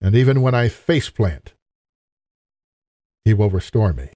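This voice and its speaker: A man's voice: on the low side, very animated, unhurried, warm tone, no room sound. A man preaching a sermon in an earnest, emphatic way, appealing directly to his listeners.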